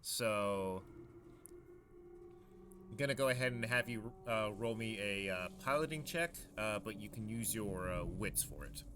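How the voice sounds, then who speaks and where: A man narrating a tabletop game as game master, halting with many fillers and restarts. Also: lowish voice, background noise.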